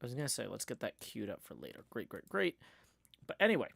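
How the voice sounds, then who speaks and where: A man's voice: mid-range voice, wildly swooping pitch, fast talker, vocal fry, a bit bright, dry recording, studio quality. A man, likely in his forties, hosting a live stream in casual, rambling chat full of fillers and easy laughs. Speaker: livestream host. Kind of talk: casual chat while building.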